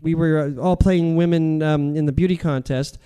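A man's voice: on the high side, fairly even intonation, moderate pace, warm tone, smooth. A man, a comedian, rambling through self-deprecating stories in a casual interview. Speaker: comedian guest.

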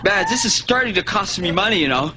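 High-voiced, aggrieved sketch character; lively pitch, noisy TV clip. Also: male voice, fairly quick. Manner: aggrieved, fussy. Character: put-upon man owed a rented video. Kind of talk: TV sketch comedy acting.

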